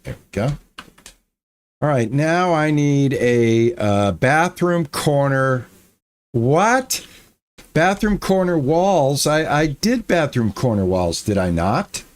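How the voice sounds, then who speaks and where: A male gaming streamer talks slowly with lively pitch, chatting to himself as he builds. Frustration comes out as muttering and repeats in his casual let's-play commentary.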